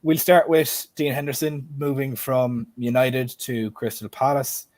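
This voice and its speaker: A man's voice: mid-range voice, level tone, measured pace, darkish tone, no room sound. A man with an Irish accent hosting a casual stream chat, often turning questions to the panel and the chat. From Ireland. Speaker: host.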